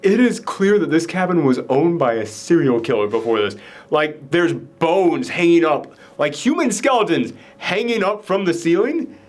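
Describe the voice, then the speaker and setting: A man hosting a casual movie review chat, retelling the plot in an animated way with lots of "like" fillers. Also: on the high side, normal speed. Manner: animated storytelling, frequent "like" fillers. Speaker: podcast host.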